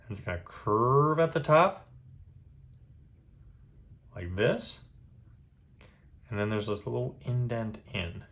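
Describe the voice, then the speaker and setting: A man giving a step-by-step drawing lesson, patient and easygoing, checking in with a quick "okay?" after each step. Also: mid-range voice, animated, fairly bright tone. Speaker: drawing instructor.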